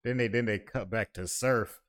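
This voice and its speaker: A man's voice: fairly low pitch, normal speed. A man from Florida in a laid-back, agreeable casual chat about battle rap.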